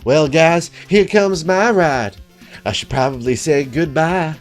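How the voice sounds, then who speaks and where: A man's voice: on the high side, a little slow, faint music behind, pitched above the performer's own voice, natural voice. A man doing a folksy southern fishman captain. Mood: easygoing. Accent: American Southern (put on). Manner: easygoing, chatty advice-giving.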